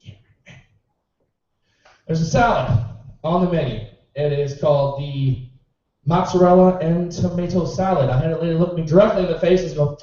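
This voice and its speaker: A man's voice: steady tone, normal speed, long pauses, warm tone, very echoey. A man performing a stand-up routine in a small club, telling stories in a sarcastic, exasperated way. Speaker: amateur stand-up comedian. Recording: boomy, distant, muffled club recording.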